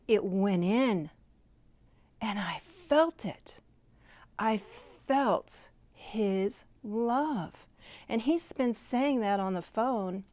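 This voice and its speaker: A woman giving a heartfelt personal faith testimony, speaking earnestly and gently, sometimes dropping to a soft half-whisper. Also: a little high, dry recording. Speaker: Christian devotional speaker.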